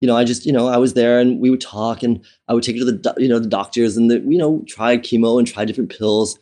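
As a guest in an interview, a man recalls his life with candor and emotion. His voice is mid-range, mellow, and easygoing, and he often backs up to restart phrases, padding pauses with "um" and "you know."

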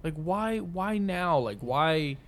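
Quippy young man with lively voice. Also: a little high, slow pace. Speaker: podcast co-host. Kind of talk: casual movie review chat.

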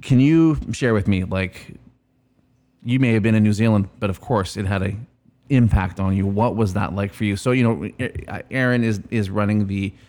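A male podcast host asks his questions with a playful, joking touch. His voice sits fairly low. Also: normal speed, a little mellow. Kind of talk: casual podcast interview.

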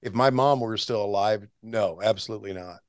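A man's voice: on the low side, a little fast, smooth, no echo, clean studio sound. A man in his sixties, a veteran announcer, chatting as a guest and telling stories with restarts and chuckles. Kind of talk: casual interview storytelling.

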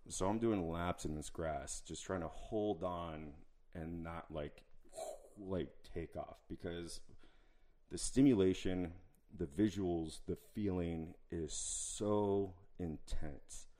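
A young man in casual chat, telling an animated, profane story full of quoted asides. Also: low voice, takes it slowly.

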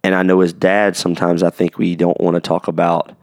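A man's voice: deep voice, completely flat delivery, a little fast, a little mellow, dry recording, clean studio sound. A man hosting a podcast about fatherhood, talking earnestly in a rambling, casual way and often asking if it makes sense. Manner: earnest, rambling, asks for agreement. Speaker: podcast host.

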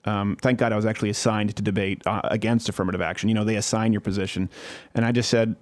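A man's voice: fairly low pitch, flat delivery, fast. Man from canada, talk show host, jokey and mocking, laughs a lot. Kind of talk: casual political talk show chat.

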